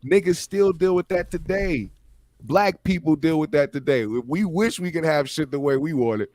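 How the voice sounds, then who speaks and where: A man chatting on a podcast, with a somewhat high voice recorded dry and close. He tells stories in a relaxed, profane way. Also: moderate pace, no room sound. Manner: laid-back storytelling, profane, laughs often. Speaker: podcast co-host. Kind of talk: casual chat.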